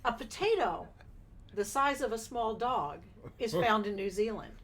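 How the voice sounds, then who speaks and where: A woman's voice: a little high, expressive, a little slow, slight background noise. A woman co-hosting a podcast, reading out strange news stories and chatting casually. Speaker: podcast co-host.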